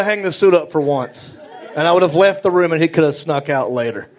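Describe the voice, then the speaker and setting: Animated Southern comedian on stage. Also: male voice, on the high side, fairly quick, a faint crowd. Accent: Southern American. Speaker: stand-up comedian. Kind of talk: stand-up storytelling. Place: comedy stage before a live audience. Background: audience laughter.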